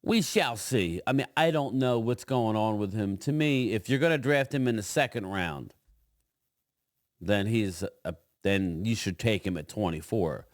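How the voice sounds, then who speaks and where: A middle-aged man hosting a casual solo sports chat, talking in a loose, rambling way with frequent pauses and restarts. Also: on the low side, dry recording, studio quality. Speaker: host.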